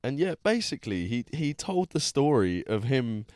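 A man's voice: mid-range voice, sing-song, normal speed, darkish tone, no room sound, studio quality. A man hosting a casual chat, telling a story with many restarts. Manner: rambling, restarts often. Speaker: podcast host.

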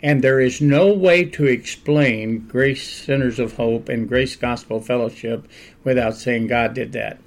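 An older male pastor with a gravelly, creaky voice at a middle pitch. He tells his stories in an animated way and often laughs as he talks. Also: unhurried. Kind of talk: storytelling in a conversational interview.

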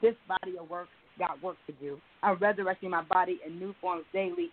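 A woman's voice: fairly low pitch, a little fast. Woman poet over a tinny phone line. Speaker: poet and interview guest. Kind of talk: spoken-word poetry reading, then casual interview talk.

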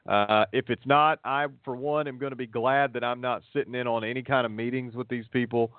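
A man's voice: mid-range voice, fairly even intonation, a little fast, no echo. Male podcast host, rambling and folksy; tinny dry phone-quality audio. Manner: rambling, folksy, repeats words. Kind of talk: casual podcast chat.

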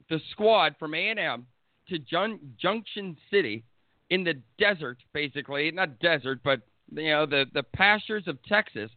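A man with a high voice rants about sports, blunt, heated and full of swearing. His audio is thin and tinny, as if it came over a phone line. The sound is dry, with no room around it. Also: no echo. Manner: blunt, profane, heated ranting. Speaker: sports podcast host. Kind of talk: opinionated sports talk rant.

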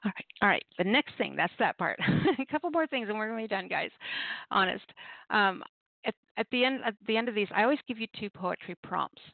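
Over a tinny call-in phone line with no echo, a woman with a mid-range voice talks briskly, her intonation lively and touched by vocal fry. As host of an open mic poetry radio show, she gives poetry prompts in chatty, rambling talk full of laughter.

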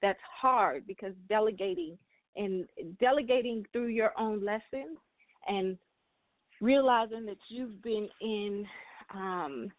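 A woman's voice: medium pitch, slow pace, no room sound. Earnest woman, tinny phone-like sound. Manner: earnest, repeats and restarts phrases, gets emotional. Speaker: spiritual reader and host. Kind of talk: motivational spiritual talk.

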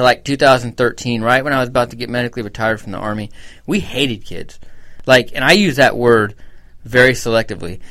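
A man's voice: medium pitch, a bit bright. A man co-hosting a podcast, telling stories in a blunt, profane, casual way. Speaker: podcast co-host.

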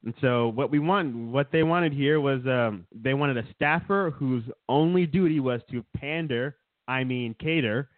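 A man co-hosts a casual political talk show with a sarcastic, mocking edge and frequent laughter. His voice sits in an ordinary middle pitch. The sound is dry and narrow, like a phone line. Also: a little slow, no room sound. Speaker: podcast co-host.

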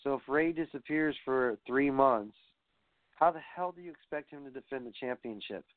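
A man's voice: medium pitch, moderate pace, no room sound. A man giving a rambling, profane rant as a wrestling commentator, sounding exasperated. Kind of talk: ranting podcast commentary. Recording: dry tinny phone-like audio.

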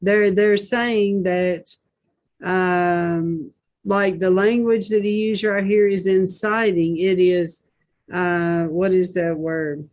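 A woman's voice: fairly low pitch, little pitch movement, slow, darkish tone. A woman hosting a Christian talk show, reading posts aloud and commenting with indignant rhetorical questions.

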